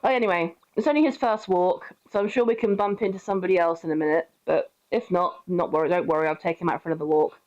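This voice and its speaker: A woman's voice: on the low side, fairly even intonation, fast talker, hardly any pauses, a little mellow, dull audio. A young British woman giving casual, sweary gameplay commentary, chatting, laughing often and cooing at her pet. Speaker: streamer.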